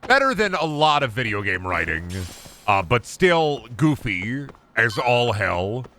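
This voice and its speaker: A man streaming a video game, giving casual, animated commentary full of jokes and swearing. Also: medium pitch, a little slow, slight background noise. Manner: animated, profane, joking.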